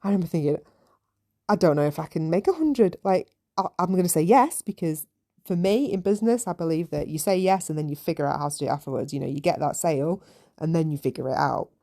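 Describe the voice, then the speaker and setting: A woman's voice: sits low, quick pace, dark tone. A woman hosting a podcast, telling her story in a chatty, candid way with many "you know" asides. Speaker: podcast host. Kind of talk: casual solo podcast storytelling.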